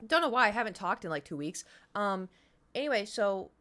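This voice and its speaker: A woman's voice: medium pitch, very animated, a little fast, a bit bright. A woman, chatting casually to her live stream audience and telling stories full of sound effects and whispered asides, her voice a little strained. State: voice slightly strained.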